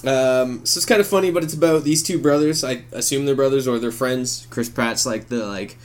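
A man co-hosting a podcast in casual chat, animated and swearing freely as he acts out scenes in silly voices. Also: medium pitch, a little fast, hardly any pauses. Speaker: podcast co-host.

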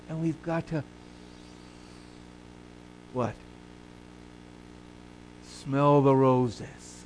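With drawn-out words and long pauses, a pastor asks his listeners questions and answers them himself, moving between hushed low asides and loud, forceful rises. The low-quality recording carries slight hiss or hum.

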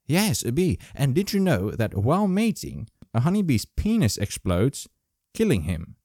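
A man hosting his own casual video, joking and rambling through animal facts in a playful, animated way. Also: mid-range voice, normal speed, dry recording, studio quality. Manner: playful, jokey, animated, full of asides. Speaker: vlog host. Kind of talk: casual comedic fact-sharing monologue. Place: Germany.

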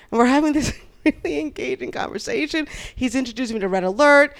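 This podcast guest's voice is high-pitched, fast, and gravelly. She animatedly tells a lengthy personal story in casual chat, taking on the voices of the other people in it.

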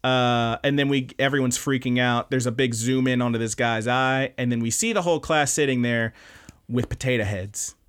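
A man hosting a podcast, casually recapping anime episodes with animated, profane storytelling. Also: mid-range voice, normal speed, smooth. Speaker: podcast host.

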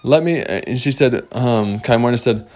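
A man voicing a cheerful shipwrecked little girl who lives in a cage, chatting with many fillers and pauses. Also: medium pitch, a little mellow, lightly acted.

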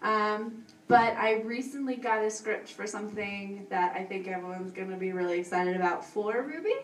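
A woman's voice: medium pitch, moderate pace. A young woman from Texas, out of breath and a little nervous, rambling and laughing as she answers questions on a convention panel. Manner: giggly, nervous, rambling with fillers. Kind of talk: casual panel Q&A. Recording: echoey room, from far off.

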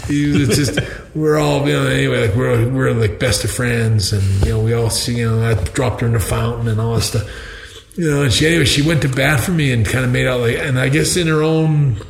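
A man's voice: mid-range voice, slight background noise. An older man from Canada, a podcast guest telling a rambling story with many restarts and laughing at his own tales. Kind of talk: casual storytelling. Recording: echoey room.

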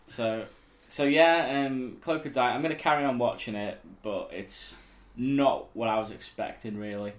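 A man's voice: medium pitch, moderate pace. A man co-hosting a casual podcast chat, teasing his co-host and laughing often. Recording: echoey room.

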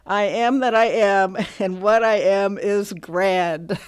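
A woman guest in a radio studio, speaking earnestly and reading a poem aloud in a measured way. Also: medium pitch, steady tone, clean tone. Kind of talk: poetry reading and casual radio talk.

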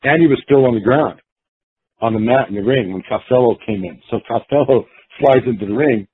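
A man's voice: mid-range voice, a little fast, husky. A man casually telling a long story, acting out the quotes of the people in it, with many restarts. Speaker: guest storyteller. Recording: tinny phone-like line.

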